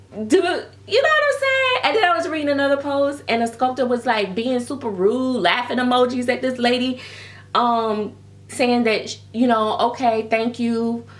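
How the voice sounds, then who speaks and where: A woman vlogger in a casual, chatty rant, telling stories with laughs and calling listeners baby. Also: fairly high pitch. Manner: animated storytelling with frequent laughs and pet names like baby. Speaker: reborn doll vlogger.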